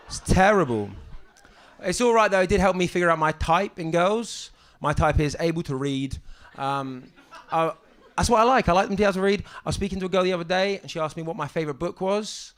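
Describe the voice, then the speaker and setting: A young man doing a stand-up set on a club stage, with a halting deadpan delivery full of ums and restarts. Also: high voice. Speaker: stand-up comedian. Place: comedy club stage with audience. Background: audience laughter.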